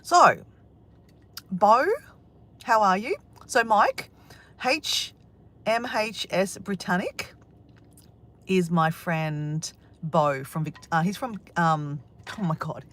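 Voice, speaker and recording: An Australian woman chatting excitedly in a casual vlog, swearing now and then, outdoors by the ocean on a windy day. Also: fairly low pitch, takes it slowly, long pauses. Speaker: vlogger.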